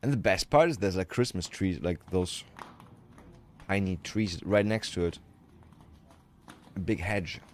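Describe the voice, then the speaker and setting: A man's voice: low-pitched, unhurried, long pauses. A man livestreaming, reacting to videos with joking, profane live commentary.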